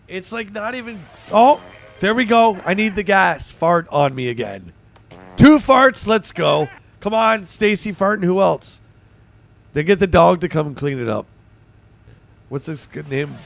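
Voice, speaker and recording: A man hosting a livestream in casual chat, his voice hoarse and gravelly, bantering excitably with his viewers. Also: high-pitched, moderate pace. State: hoarse, voice going. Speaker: livestream host.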